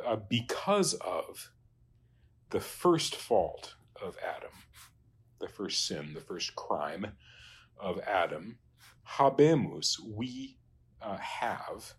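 A man working through Latin translation exercises as a teacher, halting and trailing off quietly. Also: sits low, very animated, slightly rough. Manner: halting, many fillers and restarts, trails off quietly.

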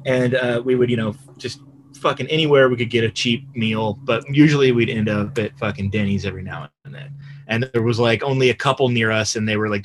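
A young man rambles through a casual story on a podcast, swearing freely and stuffing his sentences with "like." His voice is medium-pitched, and there's a little hiss or hum on the recording.

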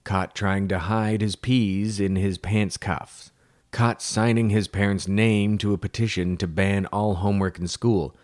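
A man with a very low voice narrates a funny children's book, recorded close and dry. He plays a rambling, deadpan joke teller who keeps stopping to correct himself. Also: unhurried, dry recording. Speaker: audiobook narrator. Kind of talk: humorous scripted narration for children.

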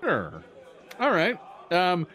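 Male game master, slightly high voice, very lively pitch, hesitant delivery. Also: very slow, a faint crowd. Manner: hesitant, many fillers, animated. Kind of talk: narrating a tabletop game.

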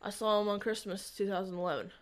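A woman in an interview, telling a personal faith story in a rambling, halting way with frequent restarts. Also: medium pitch, fairly even intonation. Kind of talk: conversational testimony.

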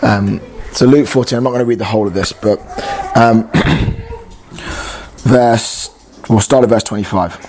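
A man's voice: medium pitch, wildly swooping pitch, a little slow, a little mellow. A man preaching an informal sermon, earnest and conversational, reading scripture and acting out inner dialogue.

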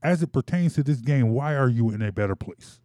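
A man hosting a sports talk show, exasperated and animated, often repeating himself. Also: mid-range voice, fairly quick, dry recording, clean studio sound.

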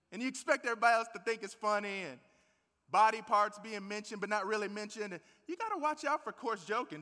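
High, bright-voiced preaching man. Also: long reverb tail. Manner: animated, emphatic preaching with rhetorical questions. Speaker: pastor. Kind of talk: sermon.

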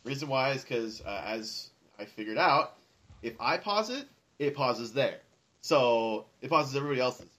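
A man's voice: medium pitch, lively intonation, normal speed, fairly bright tone. Rambling casual man co-hosting. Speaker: podcast co-host. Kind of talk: casual group chat.

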